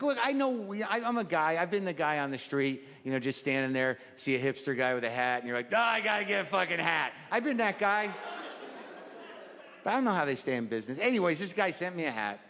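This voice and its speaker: A middle-aged man doing a neurotic, rambling stand-up routine on a club stage, exasperated and prone to sudden shouted outbursts, with audience laughter behind him. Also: a little high. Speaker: stand-up comedian. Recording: live club recording with long reverb and noise.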